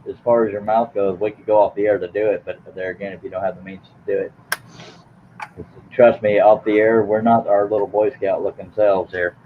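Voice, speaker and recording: A man's voice: fairly low pitch, level tone, a little fast. A man hosting a late-night live stream in a casual, rambling way, teasing his guest with jokes. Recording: tinny phone-like line with faint hiss.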